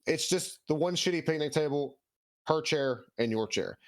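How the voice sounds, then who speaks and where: A man's voice: fairly high pitch, normal speed, dry recording. A man working as dungeon master, explaining rules and narrating scenes in a casual, rambling way. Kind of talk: narrating a tabletop game.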